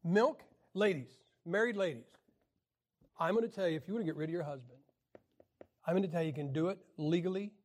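Man, high-pitched, bible teacher, folksy joking lecture, throat clearing, restarts. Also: brisk, long pauses. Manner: frequent throat clearing and restarts, jokey asides. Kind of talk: folksy teaching talk with jokes.

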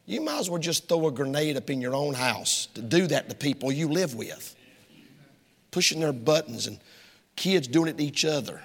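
A man preaching a sermon, folksy and emphatic, swinging between shouts and hushed asides. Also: a little high, lively intonation, moderate pace, slightly rough. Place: church sanctuary. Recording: reverberant hall.

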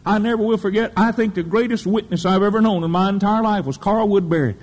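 A man's voice: high voice, quick pace, a little mellow. A man preaching a sermon, telling folksy stories with fervor. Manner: fervent, folksy storytelling preacher. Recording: echoey hall reverb.

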